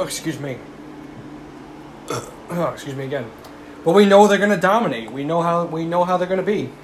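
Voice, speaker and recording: With slight noise in the background, a young man whose voice sits on the high side rants casually and heatedly about baseball. He swears and mocks fans of rival teams in commentator style.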